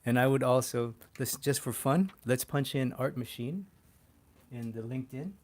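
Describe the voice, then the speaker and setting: Male art instructor on a livestream, mid pitch, excitable and profane. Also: normal speed. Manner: excitable, swears casually, laughs often. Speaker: poster artist teaching a livestream. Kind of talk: casual livestream tutorial.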